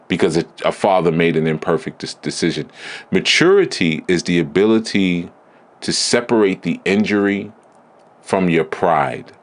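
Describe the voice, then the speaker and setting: A man giving a blunt, emphatic spiritual teaching talk in a deliberate, preaching manner. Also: low voice. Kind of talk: preaching lecture.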